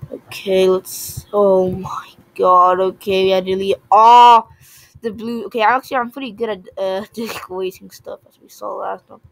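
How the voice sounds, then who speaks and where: Excitable young woman gaming commentary. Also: mid-range voice, normal speed, gravelly, no echo, rough recording. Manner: excitable, shouts and mutters at the game. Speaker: gaming video creator. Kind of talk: casual gameplay commentary.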